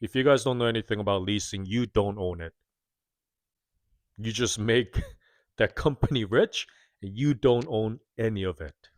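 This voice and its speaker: A man's voice: lowish voice, moderate pace, long pauses, dry recording, studio quality. A man in his thirties giving a candid, self-critical, earnest confessional monologue to his viewers. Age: 30s. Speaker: vlogger.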